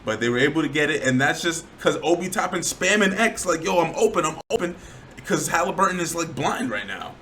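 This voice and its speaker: A man giving a casual, slangy breakdown of game highlights, often getting worked up over bad plays. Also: expressive, brisk, few pauses, sharp tone, slight background noise, rough recording. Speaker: sports commentator.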